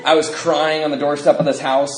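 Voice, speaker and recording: A man speaking at a recovery convention, telling his story in an animated, self-mocking way and acting out the quotes. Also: on the high side, a little fast. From Washington State, USA. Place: large convention hall. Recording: echoey hall recording with background noise.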